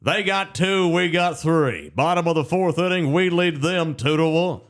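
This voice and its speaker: Brief: a man imitating a bellowing veteran radio baseball announcer, pitched high. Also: moderate pace, a bit bright, close to an everyday voice. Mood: booming. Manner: screaming, homer broadcast voice. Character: booming older male radio play-by-play announcer.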